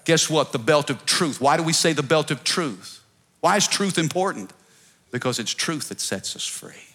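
A man pastor preaching a sermon to his church, calling on the congregation to repeat after him and swinging between soft pleading and loud shouts. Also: fairly high pitch, expressive, moderate pace. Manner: preaching with call-and-response, rising to shouts. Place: church service.

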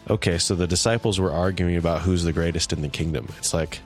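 A man co-hosting a casual podcast discussion, emotional and quick to laugh. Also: low voice, faint music behind. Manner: warm, emotional, laughs often. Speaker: podcast co-host.

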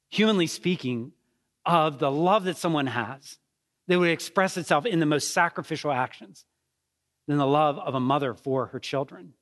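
A man's voice: on the high side, a bit bright. A middle-aged man, a pastor, preaching an earnest, conversational sermon full of rhetorical questions.

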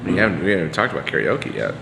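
A man's voice: sits low, sing-song, very fast, gravelly. A man talking as a podcast guest, telling stories in a loose, rambling way with lots of fillers and restarts. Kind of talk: casual conversation, storytelling. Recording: echoey room with long reverb and faint hiss.

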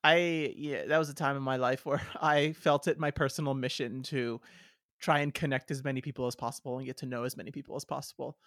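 A man co-hosting a casual podcast, talking in a wry, slightly theatrical way. His voice sits at an ordinary middle pitch. It is recorded close and dry, with no room around it. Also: fairly even intonation, brisk, fairly bright tone, no room sound. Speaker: podcast co-host. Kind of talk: casual chat.

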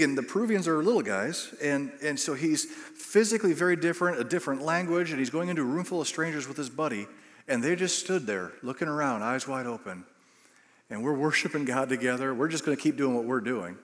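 A man's voice: fairly high pitch, a little fast. A male pastor preaching a sermon, telling a story and building to bursts of emphasis. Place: church sanctuary. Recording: long reverb of a church hall.

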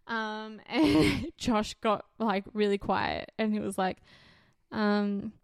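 A woman's voice: medium pitch, slow, creaky, clear, resonant tone, no echo, studio quality. A young woman, co-hosting a podcast and telling a story in casual chat, laughing often as she goes. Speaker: podcast co-host.

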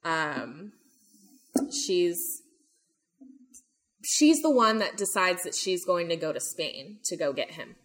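A woman's voice: fairly low pitch, lively intonation, takes it slowly, pauses often, fairly bright tone. Chatty young woman telling a story. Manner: chatty, lots of "like" and "um", acts out quotes. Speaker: podcast host telling a true crime story. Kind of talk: casual storytelling chat.

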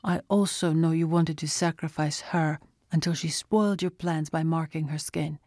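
A woman's voice: low-pitched, fairly even intonation, normal speed, darkish tone, no room sound, clean studio sound. A woman reading an audiobook, voicing a defiant, earnest young man who talks back firmly to a villain. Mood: challenging.

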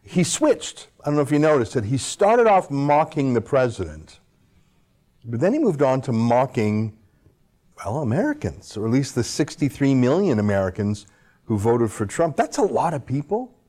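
A man in a sarcastic opinion monologue, needling his targets with rhetorical questions. His voice sits in an ordinary middle pitch, and he swings between quick runs and drawn-out, pointed phrases. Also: big pitch swings, warm tone. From Canada. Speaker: political commentator host.

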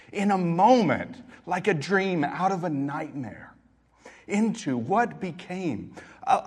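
A middle-aged man preaching a sermon as pastor, telling a personal story and moving between quiet reflection and emphatic exhortation. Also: a little high, slightly rough.

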